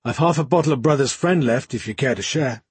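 A cocky young warrior brother, all grins and swagger, spinning a boastful tale, as a male audiobook narrator puts him on. The voice is slightly raised and brighter than the narration, with a husky, breathy grain. It sounds close and dry, with no room around it. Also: mid-range voice, a little fast, no echo. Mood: cheerful. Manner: jaunty, grinning, storytelling swagger.

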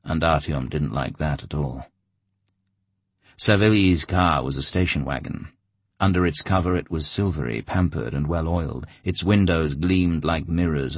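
A man reading an audiobook in steady, measured scripted narration. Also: rumbling low, slightly rough, no room sound.

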